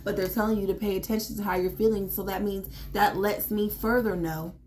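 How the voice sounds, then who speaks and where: A tarot reader gives a casual reading in a brisk, steady, medium-pitched voice that is a little mellow, with slight hiss or hum in the audio. She is blunt and emphatic, swearing freely as she urges listeners on like a pep talk.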